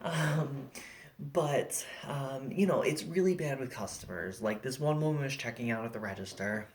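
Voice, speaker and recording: A young man with a high voice tells self-deprecating stand-up at home, peppering every line with likes and you-knows. He talks into a laptop on a video call, and the sound is casual and chatty. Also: normal speed, a little hiss or hum. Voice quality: high-pitched, often mistaken for a woman. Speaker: stand-up comedian. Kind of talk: stand-up set.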